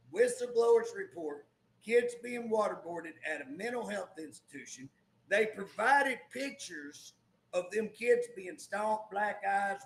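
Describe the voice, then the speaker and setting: A high, gravelly man holds forth on a political talk show, emphatic and restless, circling back on his points. His voice rings in an echoey room. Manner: emphatic, repeats "guess what", restarts. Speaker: co-host, former state legislator.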